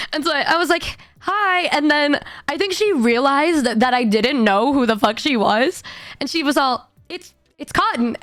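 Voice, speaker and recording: High-voiced hoarse woman streamer chatting. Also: moderate pace, no room sound, studio quality. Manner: animated, laughing, swearing storytelling. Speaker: VTuber streamer. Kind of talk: casual livestream chat.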